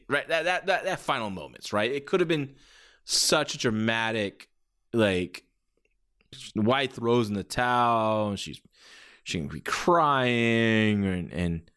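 A man hosting a podcast, reviewing in a casual, rambling way with lots of restarts. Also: lowish voice. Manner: animated, rambling with many restarts. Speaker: podcast host.

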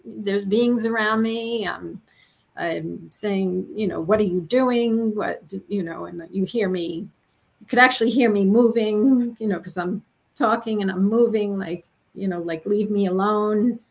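A middle-aged woman, a guest in an interview, speaking earnestly and haltingly as she searches for words. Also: mid-range voice, creaky. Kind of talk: conversational interview.

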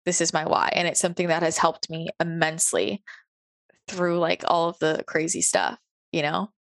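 A woman's voice: fairly low pitch, level tone, normal speed, gravelly, a bit bright, no room sound. A woman hosting a podcast from home, talking earnestly and casually with lots of "like" and "right?". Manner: earnest, chatty, many fillers like "like" and "right?". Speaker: podcast host. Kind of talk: casual spiritual podcast monologue. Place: home office. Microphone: home recording on a computer.

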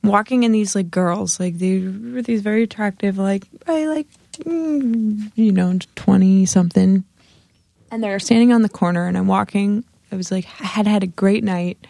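A woman's voice: medium pitch, normal speed, vocal fry, dry recording. A woman guest on a chat show, telling a story casually with lots of fillers and acted-out quotes, in her thirties. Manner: animated, many fillers, acts out quotes. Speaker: podcast guest, singer-songwriter.

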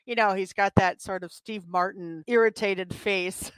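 A woman's voice: medium pitch, fairly even intonation, measured pace, clear, resonant tone, no echo. A woman co-hosting a casual movie review chat, talking freely and laughing often. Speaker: podcast co-host.

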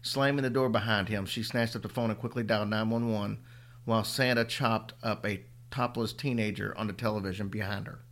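A man reading a horror story aloud as a podcast host, with a steady, dry delivery. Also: on the low side, a little fast.

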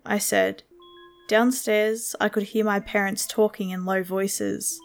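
A woman narrating a horror story in a slow, measured storytelling manner. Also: mid-range voice, level tone, soft background music.

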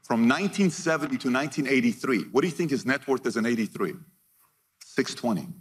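In a fast, medium-pitched voice, this keynote speaker gives an energetic, punchy motivational talk to a live crowd. He delivers numbers in short bursts and keeps firing questions at his listeners.

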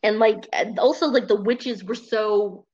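A woman casually talking about a movie with a co-host, animated and quick to act out quoted lines in high voices. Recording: muffled lo-fi audio.

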